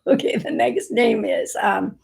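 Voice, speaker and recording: A woman's voice: a little high, unhurried, vocal fry, a little mellow. A woman hosting a live psychic reading, rambling and playful, laughing often and spelling out names as she goes. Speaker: psychic medium host.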